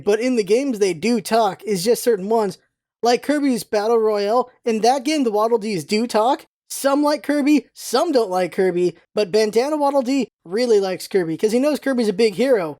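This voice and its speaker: A young woman hosting a podcast in a chatty, rambling, excitable way. Her voice is higher than most but mellow and warm in tone. It sits very dry and close, with no room sound around it. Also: dry recording. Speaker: podcast host. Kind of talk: casual rewatch podcast commentary.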